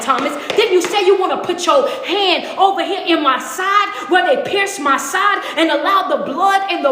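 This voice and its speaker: A woman's voice: very high-pitched, bright, forceful tone. A woman preaching a casual devotional while walking on a treadmill, emphatic and conversational. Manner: emphatic, conversational preaching with call-and-response asides. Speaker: motivational speaker and preacher. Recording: echoey room with long reverb.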